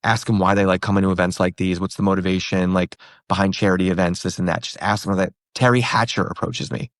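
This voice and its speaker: A comedian in his thirties telling a story in a casual interview, animated, acting out the other people in it. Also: sits low, fast, no room sound, studio quality. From New York and Pennsylvania. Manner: animated, acts out quoted voices. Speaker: comedian guest.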